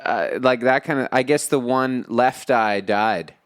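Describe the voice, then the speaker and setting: This co-host's voice is smooth and medium-pitched, his pace measured. Speaking remotely on a podcast, he keeps the talk loose, wandering off on tangents, laughing and quoting films often.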